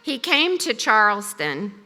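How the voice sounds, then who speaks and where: A woman giving a formal commencement speech at a podium in a ceremony hall, with a measured, deliberate delivery. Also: medium pitch, big pitch swings, bright, forceful tone. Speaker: commencement speaker. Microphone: podium microphone. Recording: long reverb of a large hall.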